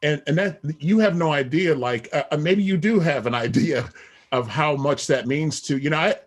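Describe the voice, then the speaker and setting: A man's voice: a little high, moderate pace. A middle-aged man, a podcast guest, talking in a rambling casual way with many "you know what I mean" asides. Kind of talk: casual interview talk.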